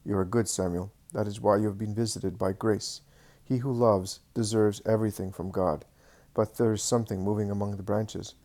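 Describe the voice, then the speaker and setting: A man voicing a gentle but authoritative male spiritual master who speaks calmly and solemnly. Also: fairly low pitch, close to an everyday voice. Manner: calm, measured, solemn.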